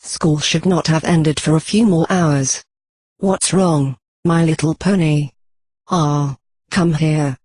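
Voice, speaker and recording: Gentle doting pegasus mother mare, storybook, read by a flat synthetic voice, breathy, dry. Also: mid-range voice, slow pace, dry recording. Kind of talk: text-to-speech storybook reading.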